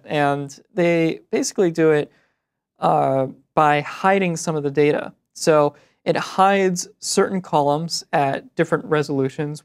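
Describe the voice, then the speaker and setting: A man co-hosting a web development show, explaining tools in a relaxed way. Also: a little high, clear, resonant tone. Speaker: co-host. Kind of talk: casual tech show chat.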